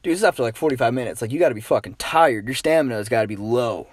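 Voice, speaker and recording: A young man casually telling an anecdote, animated and swearing, saying dude a lot. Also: mid-range voice, racing, dry recording. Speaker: storyteller guest.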